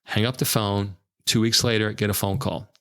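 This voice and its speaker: A man being interviewed who tells animated anecdotes full of quoted dialogue. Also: fairly low pitch, moderate pace, gravelly. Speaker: guest, publishing executive. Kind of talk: storytelling interview.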